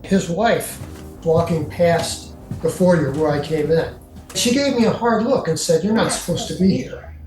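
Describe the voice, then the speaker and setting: An older man recounting his own experience to an interviewer, in a halting way with many fillers. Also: fairly high pitch, a little mellow. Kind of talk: first-person storytelling. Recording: echoey room with faint music.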